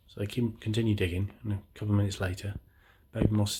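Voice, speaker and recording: A man's voice: lowish voice, steady tone, rapid-fire, few pauses, background noise. A middle-aged man telling long shaggy-dog jokes in a rambling way, with many restarts. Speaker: joke teller.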